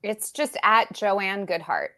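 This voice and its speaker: Casting: forties woman, mid-pitched, blunt and matter-of-fact, video-call guest. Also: lively intonation, slow, bright, forceful tone. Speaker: podcast guest. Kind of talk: casual video-call chat.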